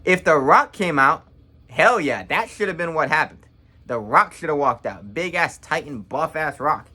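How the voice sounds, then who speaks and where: A man's voice: a little high, animated, sharp tone, breathy edge. Blunt, rambling young man recapping matches. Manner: blunt, rambling, quick to judge. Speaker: wrestling reaction vlogger. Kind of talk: casual opinionated recap.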